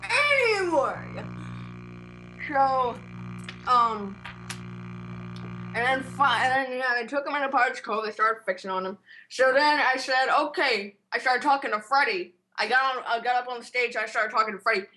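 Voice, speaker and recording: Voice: medium pitch, normal speed, pushed and bright, soft background music, poor audio. A storyteller rambling through an absurd comedic tale in a strained, put-on silly voice, full of fillers and restarts.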